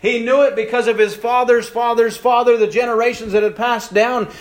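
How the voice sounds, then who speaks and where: High-voiced man preaching in an echoey church. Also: steady tone. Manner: preaching with wide swings between hushed and raised passages, slowing for emphasis. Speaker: pastor. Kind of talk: sermon. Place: church sanctuary.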